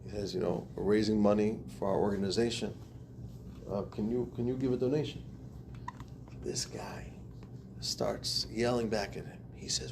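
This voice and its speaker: A man's voice: fairly low pitch, fairly even intonation, normal speed, vocal fry, long pauses, darkish tone, a little hiss or hum. A man teaching a class as a rabbi, speaking expressively, acting out quotes and laughing often. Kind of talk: animated lecture.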